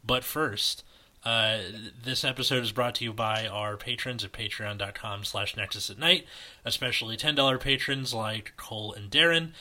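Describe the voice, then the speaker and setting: Bright-voiced male podcast host. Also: mid-range voice, moderate pace. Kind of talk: casual podcast chat.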